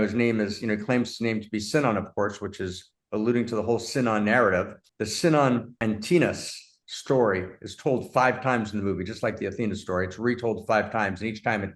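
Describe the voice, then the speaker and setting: Effusive man discussing a film. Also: on the low side. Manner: effusive and emphatic, with sudden excited bursts; warmly addresses his partner as "my friend". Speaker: host, philosopher.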